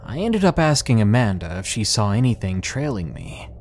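A man narrating a first-person horror story in a dramatic, scripted storytelling manner, slowing down on tense phrases. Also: fairly low pitch, a little hiss or hum. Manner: lively, dramatic storytelling with slowed emphatic phrases.

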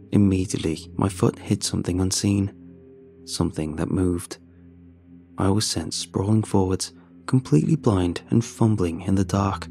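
A man telling a horror story in first person, in a measured and grim scripted narration. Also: deep voice, creaky, warm tone. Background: faint music.

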